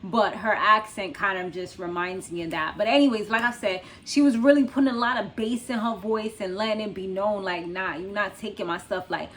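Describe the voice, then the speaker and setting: A woman's voice: mid-range voice, fairly even intonation, a little fast, hardly any pauses. A young woman hosting her own channel, recapping a reality show in a chatty, loose way, full of fillers and frequent laughs. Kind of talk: casual recap commentary.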